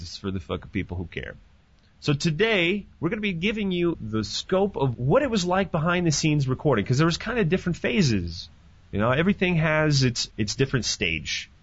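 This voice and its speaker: A man hosting a podcast in casual chat, animated and profane, joking as he talks. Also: fairly high pitch, normal speed, breathy edge, dry recording. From Canada. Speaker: podcast host. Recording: dull lo-fi dry sound.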